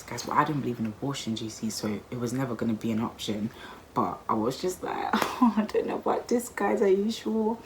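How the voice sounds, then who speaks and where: A woman in her twenties telling a personal story in a chatty, expressive vlog style, full of slang. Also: very deep voice, slight background noise, rough recording. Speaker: vlogger.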